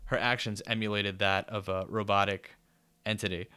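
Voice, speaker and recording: A man talks through a book review in a loose, rambling way, swearing casually and slipping into sarcasm. His voice is smooth and clear, and the sound is dry and close. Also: fairly low pitch, flat delivery, moderate pace, sharp tone, no room sound.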